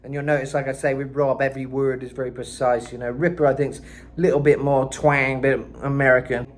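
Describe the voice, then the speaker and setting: A man's voice: mid-range voice, flat delivery, quick pace, a little hiss or hum. A man giving a casual singing lesson, explaining in a loose, rambling way with lots of fillers. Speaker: vocal coach.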